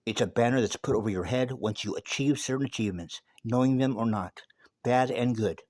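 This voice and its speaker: A man tells a story in a loose, spoken monologue. He is emphatic and swears often, restarting with repeated words. His voice sits in a middle pitch and sounds dry and close. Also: fairly quick, a little mellow, dry recording. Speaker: speaker telling a story.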